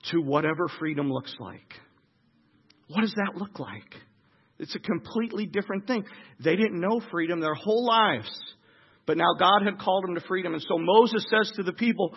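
Animated high-voiced man preaching a sermon. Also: slightly rough, muffled recording. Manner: animated, acts out crowds with shouts.

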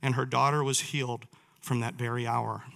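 A man's voice: mid-range voice, level tone, normal speed, creaky, a bit bright. A man preaching a sermon, reading scripture aloud and putting questions to his listeners. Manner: reads verses aloud, asks the listeners questions.

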